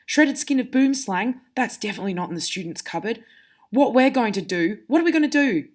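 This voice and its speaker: A woman's voice: on the high side, expressive, a little fast, voice pushed up. A woman doing Harry, a worried teen wizard. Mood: anxious. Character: worried teenage boy wizard.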